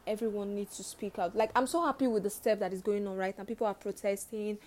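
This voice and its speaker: Talking fast in a mid-range, steady, somewhat dark voice, a young woman delivers a personal monologue on her own podcast. She's earnest and emotional, returning to the same phrases again and again for emphasis.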